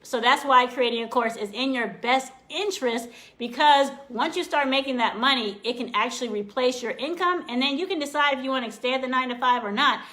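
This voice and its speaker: A woman's voice: high voice, fairly quick, pushed and bright. A woman coach talking live to viewers, upbeat and encouraging, repeating phrases for emphasis and greeting people as they join. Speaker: online course coach. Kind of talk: live-stream coaching talk.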